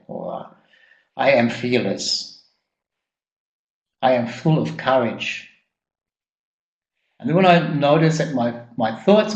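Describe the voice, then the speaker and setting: A man's voice: mid-range voice, dull audio. Male seminar trainer, mid-range voice, hesitant and repetitive, recorded live in a reverberant room. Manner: halting, repeats words, many ums. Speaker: personal growth trainer. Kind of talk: live workshop teaching. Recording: echoey room.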